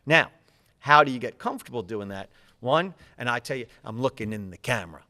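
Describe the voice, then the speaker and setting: A man giving interview answers as a public speaking coach, energetic and fast-talking, gesturing as he speaks. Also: mid-range voice, vocal fry.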